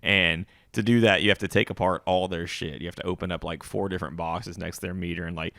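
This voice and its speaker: A man co-hosting a podcast, telling work stories in a relaxed, swearing casual chat. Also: low voice, quick pace, creaky, dry recording. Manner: laid-back storyteller, swears freely. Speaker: podcast co-host.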